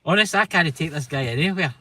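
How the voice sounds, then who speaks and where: A man's voice: fairly high pitch, animated, fast, sharp tone, no room sound. A man with a Scottish accent hosting a casual livestream chat, teasing his co-host and talking straight to viewers. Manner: chatty, teasing, addresses viewers directly.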